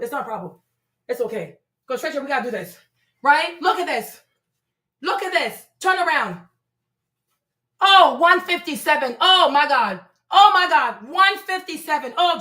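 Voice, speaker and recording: A woman's voice: sits high, fairly bright tone, echoey room. A woman hosting a livestream, talking emphatically and repetitively, often stammering and restarting her words. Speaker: livestream host; mother. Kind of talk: heated livestream commentary.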